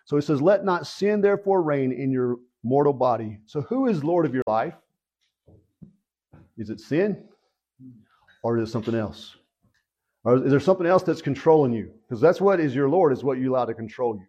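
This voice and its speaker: A man's voice: mid-range voice, lively intonation, normal speed, long pauses, warm tone, slightly rough, lo-fi sound. A man preaching a sermon and leading a prayer, earnest and repetitive, asking his listeners questions again and again. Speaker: pastor.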